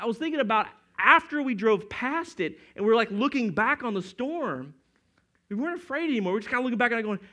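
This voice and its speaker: A man's voice: high-pitched, fairly bright tone. A middle-aged man preaching a sermon as pastor, in a conversational, storytelling way that acts out quotes.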